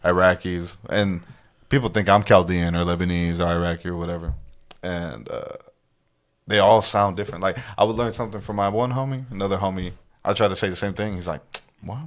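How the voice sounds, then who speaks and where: A man's voice: sits low, fairly even intonation, a little fast. A man from Detroit, a guest on a podcast, chatting loosely and casually with lots of filler talk.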